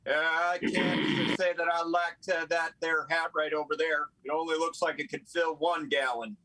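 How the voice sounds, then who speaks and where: A man's voice: fairly high pitch, steady tone, normal speed, bright, forceful tone, poor audio. A man performing improv comedy with a dry, hesitant delivery. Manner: dry, hesitant, many uh fillers.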